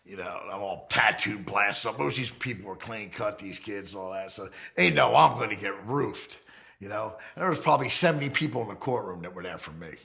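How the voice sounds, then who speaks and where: A man's voice: animated, brisk, creaky. A middle-aged man in a documentary interview, telling his own story bluntly, full of profanity, and acting out heated confrontations. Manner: profane, blunt, re-enacts heated confrontations with swings in pitch and loudness. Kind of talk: unfiltered storytelling in a fireside chat.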